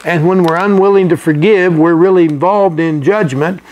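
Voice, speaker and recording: Folksy high-voiced preacher man. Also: moderate pace, darkish tone, highs cut off. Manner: folksy, conversational, with frequent restarts and chuckles. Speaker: pastor. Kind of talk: sermon teaching.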